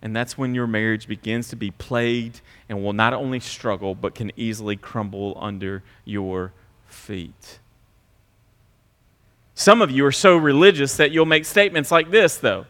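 Bright-voiced preacher in a reverberant hall. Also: male voice, mid-range voice, fairly even intonation, normal speed. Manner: swings from quiet asides to loud mocking impressions. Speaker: pastor. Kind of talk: sermon.

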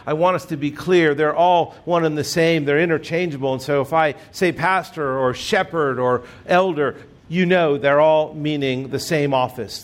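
A middle-aged man preaching a sermon as pastor, telling stories in a conversational way with self-deprecating humor. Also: fairly high pitch.

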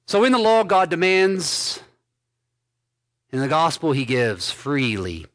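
A man pastor preaching an expository sermon, reading scripture aloud and commenting on it with emphatic stresses and quiet endings. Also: on the high side, huge pitch swings, slow pace. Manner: emphatic preaching, swinging between loud stresses and dropped soft endings.

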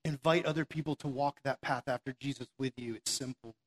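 A man preaching a sermon from a stage, energetic and conversational, full of rhetorical questions and the word "like". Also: mid-range voice, a little fast, a little hiss or hum. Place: stage before an audience.

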